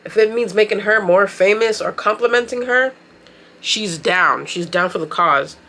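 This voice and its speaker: A woman vlogger giving a chatty, slangy recap of a show while doing her makeup, very expressive as she talks. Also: mid-range voice, moderate pace. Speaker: beauty and anime vlogger.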